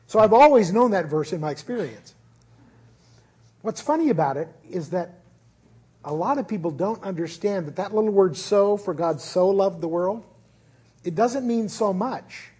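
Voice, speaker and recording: A man's voice: high voice, lively intonation, moderate pace, warm tone, husky. A man preaching a conversational sermon as pastor at a church service, earnest and informal with frequent restarts.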